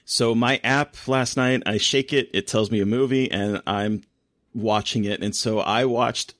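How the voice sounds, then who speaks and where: A man co-hosting a podcast, telling a story with lots of laughter and animated asides in casual chat. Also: mid-range voice, unhurried, no echo, clean studio sound. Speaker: podcast co-host.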